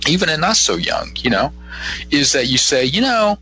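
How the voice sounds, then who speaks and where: A man's voice: on the high side, huge pitch swings, normal speed, sharp tone, a little hiss or hum, rough recording. A man from Ohio, a psychic guest on a radio talk show, speaking earnestly and encouragingly with frequent restarts. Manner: earnest, encouraging, many restarts and "you know".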